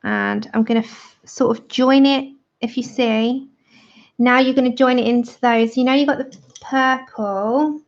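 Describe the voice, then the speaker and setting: A woman's voice: on the high side, steady tone, measured pace. A woman in her thirties chatting casually and giggling while she demonstrates colouring on a livestream. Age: 30s. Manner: chatty, giggly, reads out viewer comments. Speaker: livestream host colouring with viewers. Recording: dull lo-fi livestream audio.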